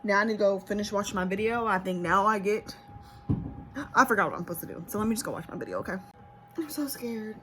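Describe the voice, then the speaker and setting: A beauty vlogger at home nervously chats away to herself and her viewers, speaking fast in a medium-pitched, fairly bright voice. A camera set up nearby records her, with slight background noise.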